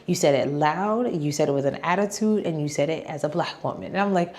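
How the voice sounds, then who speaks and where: A young woman vlogger telling a story in a chatty, animated way, acting out quoted lines as she goes. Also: deep voice, brisk, slight background noise. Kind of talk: casual storytime vlog.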